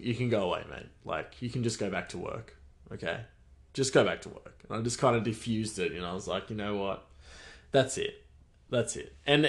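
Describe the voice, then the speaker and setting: A man, hosting a podcast and telling a personal story in a loose, rambling way, with restarts and soft laughs. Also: on the low side. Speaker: podcast host. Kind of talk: casual storytelling monologue.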